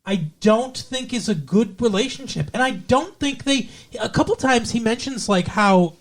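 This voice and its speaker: A man's voice: very high-pitched, lively intonation, normal speed, hardly any pauses. Blunt, profane man reviewing a movie. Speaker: podcast co-host. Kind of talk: casual movie review chat.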